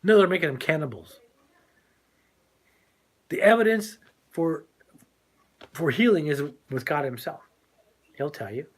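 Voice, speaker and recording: Older guy ranting and preaching on a talk show, kinda high voice, laughs a lot. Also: expressive, a little slow, pauses often, husky. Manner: preachy, emphatic, laughs often. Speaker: co-host. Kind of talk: casual talk show monologue.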